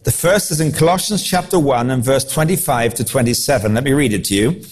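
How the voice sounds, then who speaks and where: A man preaching a sermon, animated and quick to act out the voices of the people he quotes. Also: mid-range voice, husky.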